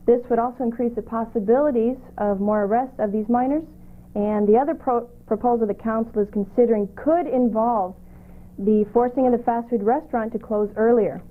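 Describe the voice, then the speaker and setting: A woman reading the local news, weather and lottery numbers in a steady, measured way on a community cable show. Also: fairly high pitch. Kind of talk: read local news segment. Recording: tinny lo-fi videotape audio.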